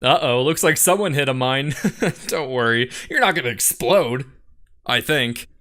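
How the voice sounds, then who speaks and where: A man's voice: medium pitch, animated, a little slow, a bit bright. Sardonic young man narrating a comedy cartoon. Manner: dry, sardonic delivery.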